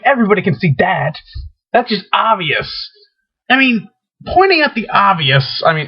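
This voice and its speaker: A man talking in a rambling, hesitant opinion monologue, full of fillers and restarts. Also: on the high side. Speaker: vlogger. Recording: dull lo-fi webcam recording.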